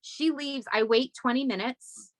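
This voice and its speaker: A young adult woman guest telling a wild story in casual podcast chat, animated and swearing freely, jumping up high and loud when she quotes people. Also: a little slow, no echo. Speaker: guest, comedy writer.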